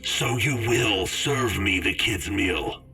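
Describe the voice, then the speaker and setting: A man voicing a creepy, croaky-voiced male stranger who speaks in a slow, taunting half-whisper. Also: lowish voice, bright, forceful tone, soft background music. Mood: menacing.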